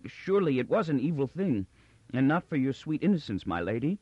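A man's voice: medium pitch, very animated, fairly quick, husky, no echo, muffled recording, voice pushed up. A man voicing a timid male clown musician who speaks in quaint, formal phrasing. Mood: earnest.

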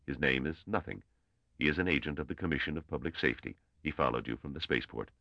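A man doing a brisk, shrewd old mathematician. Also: extremely low pitch, bright, forceful tone, no echo, muffled recording, full character voice. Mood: calm. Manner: clipped, testing, commanding.

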